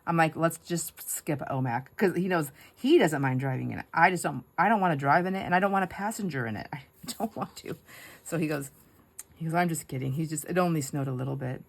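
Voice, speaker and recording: A woman's voice: sits low, quick pace, gravelly. A middle-aged woman chatting casually while she crafts, telling stories with frequent laughter and asides to her viewers. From United States. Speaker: craft vlogger.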